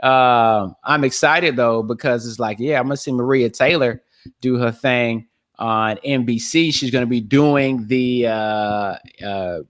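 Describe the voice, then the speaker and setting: A man hosting a casual solo podcast, talking loosely in slang, repeating himself and laughing, his voice a little worn from shouting. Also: mid-range voice, a little slow. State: losing his voice. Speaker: podcast host.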